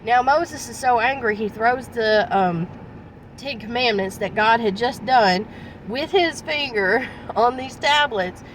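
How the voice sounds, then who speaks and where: A woman's voice: a little high, measured pace, distant mic, a little hiss or hum, low-quality recording. A woman evangelist retelling a Bible story in a casual, conversational way, with restarts and asides.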